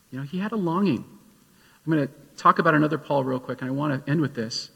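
A man's voice: a little high, lively intonation, quick pace, vocal fry, fairly bright tone, husky. A man preaching a sermon as pastor, telling a story and then urging his listeners with rising emphasis. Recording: long hall reverb.

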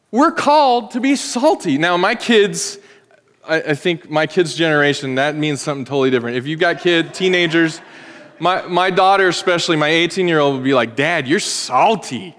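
A pastor in his forties preaches from a church sanctuary, his fairly high voice ringing out with a long reverb. He addresses the room conversationally, animated and cracking jokes.

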